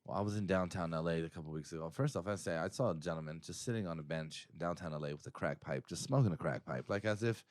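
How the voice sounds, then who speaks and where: A man's voice: deep voice, quick pace, hardly any pauses, dry recording. A man co-hosting a podcast, telling rambling, profane stories in casual chat and laughing often. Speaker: podcast co-host.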